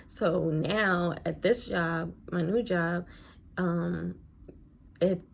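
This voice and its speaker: Chatty woman with a gravelly voice. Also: fairly low pitch, fairly even intonation, very slow, a little hiss or hum. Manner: chatty, rambling storytelling with many fillers. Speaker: nurse. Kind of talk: casual get-ready-with-me chat.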